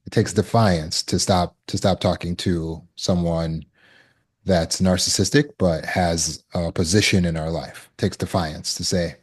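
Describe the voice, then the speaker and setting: A man's voice: sits low, steady tone, a little slow, husky. A man, a trauma recovery coach, giving a conversational teaching talk and acting out short quoted exchanges.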